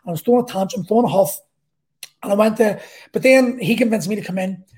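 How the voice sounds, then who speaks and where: A man's voice: high-pitched, quick pace, a little mellow. A middle-aged man with a Belfast accent, telling a personal story in a blunt, sweary, rambling way. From Northern Ireland.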